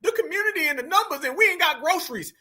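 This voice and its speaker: A man's voice: very high voice, expressive, quick pace, bright, forceful tone. A man hosting a reaction commentary, talking emphatically and preachily to his audience. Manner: emphatic and preachy, keeps calling the audience fam. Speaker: commentary host.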